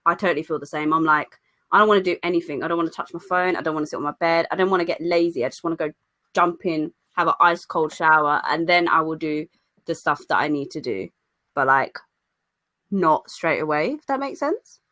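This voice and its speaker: Lively young woman, bright voice. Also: deep voice, a little fast. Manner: lively storyteller, acts out quoted voices. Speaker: podcast co-host. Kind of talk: casual chat.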